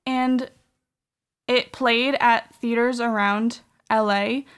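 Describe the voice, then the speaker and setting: A woman hosting a podcast tells a story in a casual, wandering way, peppered with "um" and "like." Her smooth voice is a little high and fairly bright, with fairly even intonation and a slow pace.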